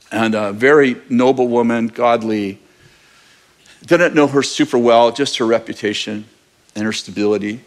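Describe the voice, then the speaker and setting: A man preaching as pastor, telling a personal story in a casual, candid way and laughing now and then. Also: medium pitch. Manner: conversational, candid, with bursts of laughter. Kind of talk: sermon storytelling.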